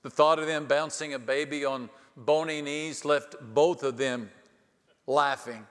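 A male pastor preaching a storytelling sermon with dry humor, dramatic pauses and swings from hushed to loud. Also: fairly high pitch, fairly even intonation, clean tone. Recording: long hall reverb.

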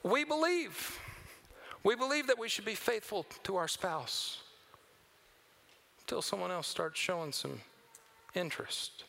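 A man preaching a sermon as pastor, swinging between loud emphatic lines and hushed near-whispers. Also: sits high, a little slow, vocal fry, pauses often.

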